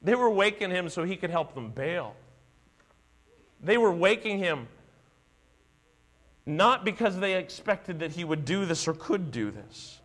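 A high-pitched man delivers a sermon from the pulpit, telling the story with dramatic flair and acting out each voice. His voice rings out in a reverberant hall over a low mains hum. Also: expressive, measured pace, pauses often, fairly bright tone. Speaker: pastor.

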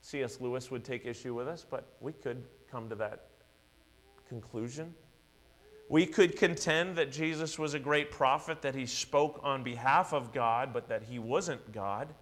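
A male pastor preaching a sermon, earnest and emphatic, building repeated declarations. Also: mid-range voice.

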